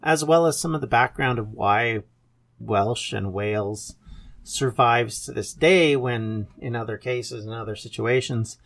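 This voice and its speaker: A man's voice: medium pitch, measured pace, vocal fry, a bit bright. A Canadian man in his fifties, hosting a podcast and talking about himself in an earnest, rambling way with self-corrections. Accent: Canadian English. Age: 50s. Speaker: podcast host. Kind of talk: casual podcast introduction.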